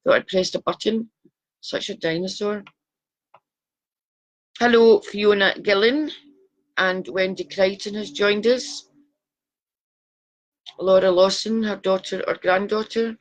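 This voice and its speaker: Woman, Glasgow Scottish accent, middle-aged, mid-pitched voice, chatty live stream host, self-deprecating. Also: fairly even intonation, slow pace, pauses often. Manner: chatty, self-deprecating, greeting viewers by name. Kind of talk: casual live stream chat.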